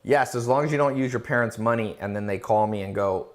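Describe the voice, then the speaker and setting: A man's voice: mid-range voice, quick pace. Confident man hosting a casual Q&A. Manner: confident, emphatic, lecturing with rhetorical questions; reads out chat questions, then answers. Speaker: host answering viewer questions. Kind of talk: casual live Q&A chat.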